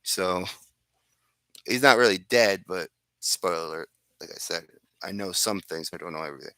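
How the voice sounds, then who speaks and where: Rambling amateur storyteller, low voice with a bright edge, dry close sound. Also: male voice, moderate pace, long pauses, no room sound. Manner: rambling, with restarts and asides. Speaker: fan fiction storyteller. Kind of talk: improvised casual storytelling.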